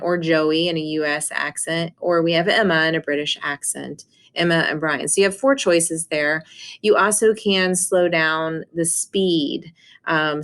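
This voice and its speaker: Casual teacher woman, slightly low voice. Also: fairly bright tone. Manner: casual, many ums and restarts. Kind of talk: recorded class lesson and screen walkthrough.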